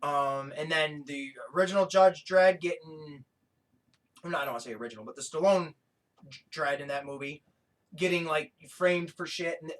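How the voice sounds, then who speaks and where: A man co-hosting a podcast in casual chat, excitable and profane, often breaking into laughter. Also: on the high side, normal speed. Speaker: podcast co-host.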